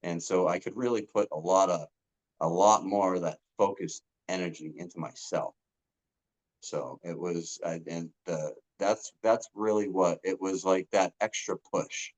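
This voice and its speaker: Male coaching client, very low voice; casual, sincere, hesitant delivery with lots of fillers. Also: fairly even intonation, rough recording. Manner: earnest, halting, with frequent ums and restarts. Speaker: coaching client giving a testimonial. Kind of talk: casual testimonial talk.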